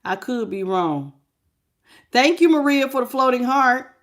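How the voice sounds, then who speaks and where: A woman giving a live-streamed tarot reading and greeting her viewers, emphatic and preachy, swinging between low murmurs and loud outbursts. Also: lively intonation, a little slow. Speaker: tarot reader.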